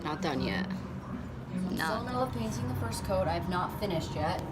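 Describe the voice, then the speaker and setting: Talking to the camera as she fixes up and paints a front door, a woman keeps her DIY vlog chatty and upbeat. Her lowish voice swings widely in pitch and moves briskly, against heavy background noise.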